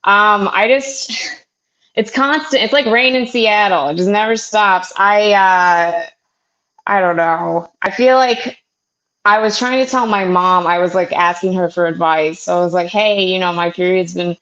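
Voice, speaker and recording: A young woman doing a stand-up comedy set, with a halting delivery full of fillers and restarts. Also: medium pitch, fairly bright tone. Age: young adult. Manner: halting, filler-heavy delivery with self-deprecating jokes. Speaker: stand-up comic. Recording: muffled lo-fi sound.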